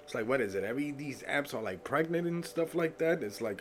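A man's voice: mid-range voice, lively intonation, moderate pace, slight background noise. A man hosting his own podcast, talking in a loose, joking way with sudden whoops, a bit stuffy-nosed. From United States. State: stuffy nose. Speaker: podcast host. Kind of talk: solo podcast talk.

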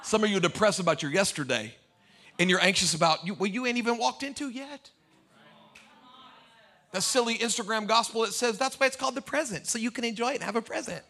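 Lively, bright-voiced male preacher. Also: high voice, fast. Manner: animated, humorous preaching with sudden loud and soft swings. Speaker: pastor. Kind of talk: sermon. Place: church before a live congregation.

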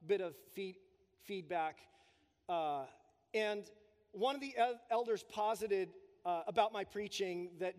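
Emphatic high-voiced pastor in a reverberant hall. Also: male voice, measured pace, a little mellow, clear, resonant tone. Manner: emphatic, preaching with strong build-ups and drops. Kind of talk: sermon. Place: church sanctuary. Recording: long reverb of a church hall.

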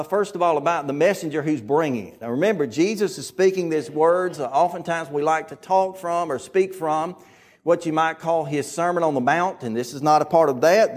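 A man's voice: a little high, a little mellow. A man with a Southern US accent preaching a sermon to his congregation, earnest and emphatic, repeating his key phrases.

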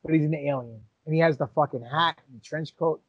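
A man co-hosts a podcast and explains the lore as an eager fan, swearing freely. His voice sits a bit high. His audio is dull and lo-fi, but dry and close. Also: brisk, slightly rough, no echo. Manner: enthusiastic fan, profane, laughs often. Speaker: podcast co-host. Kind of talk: casual podcast banter.

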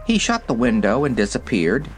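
A man narrating a storybook, reading in an expressive, lively storytelling manner. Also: mid-range voice, moderate pace, soft background music. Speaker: audiobook narrator.

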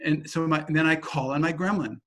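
A man giving a teaching talk, telling a lively personal anecdote in a casual way that includes some swearing. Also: on the high side, brisk. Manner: animated, vivid storyteller with casual swearing.

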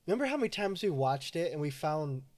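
A man's voice: on the high side, sing-song, quick pace, a little mellow. Laid-back man, casual swearing. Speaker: podcast co-host. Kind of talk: casual chat.

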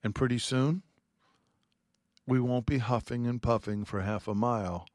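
A man's voice: mid-range voice, unhurried, a little mellow, no echo, clean studio sound. A man giving a heartfelt radio Bible teaching, reading scripture aloud and speaking earnestly.

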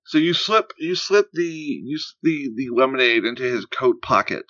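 A man narrating as game master of a tabletop game, in a playful, deadpan way. His voice sits mid-range. The sound is dry and a little muffled. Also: medium pitch, normal speed, no echo. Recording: slightly dull, dry sound.

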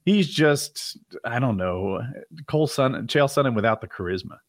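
A man co-hosting a casual podcast chat, telling stories in an opinionated, animated way. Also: medium pitch, moderate pace, no echo, clean studio sound. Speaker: podcast co-host.

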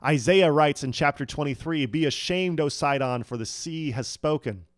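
A man preaching a sermon as a pastor, telling a story with big swings between loud and hushed lines. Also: a little high, moderate pace, no echo, studio quality. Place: church hall.

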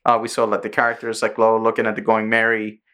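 A man's voice: lowish voice, fast, smooth. Casual swearing podcast guy. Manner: animated storyteller, acts out quoted people, swears freely. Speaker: podcast co-host. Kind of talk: casual chat.

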